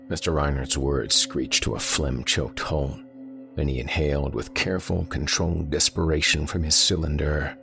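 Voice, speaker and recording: Deep, gravelly male horror narrator. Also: fairly even intonation, moderate pace, sharp tone, faint music behind. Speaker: audiobook narrator. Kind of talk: first-person horror story reading.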